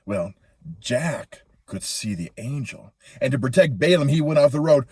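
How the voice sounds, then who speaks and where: A man telling a Bible story to children in an animated, playful way. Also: mid-range voice, normal speed, slightly rough, no room sound.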